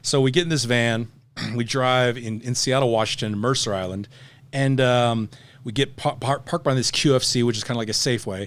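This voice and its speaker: A man's voice: mid-range voice, brisk. Slangy middle-aged man telling war stories. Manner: animated, acts out voices in anecdotes; slangy, says "bro" often. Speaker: podcast guest. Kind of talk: casual storytelling.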